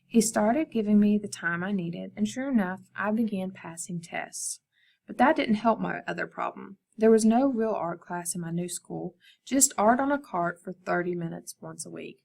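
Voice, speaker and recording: A woman art teacher reading a picture book aloud to her students, expressive and speaking to them directly. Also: mid-range voice, moderate pace, creaky.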